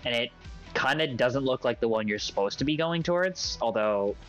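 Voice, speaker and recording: A man's voice: mid-range voice, expressive, moderate pace. A young man narrating a tabletop game as game master, rambling and full of fillers. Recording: dull lo-fi voice chat with faint music.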